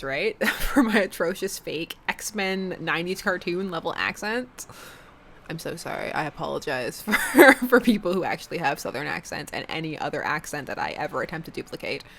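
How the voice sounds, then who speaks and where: A woman's voice: lowish voice, a bit bright. A woman streaming a dating game, reading the story aloud with playful, giggly asides. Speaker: let's-play streamer.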